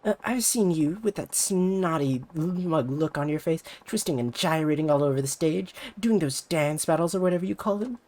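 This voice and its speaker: Man putting on Ulala, a shrill bratty idol girl. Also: moderate pace, few pauses, darkish tone, close to an everyday voice. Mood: taunting. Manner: haughty, taunting, shrill sneers. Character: bratty, vain teen girl idol rival.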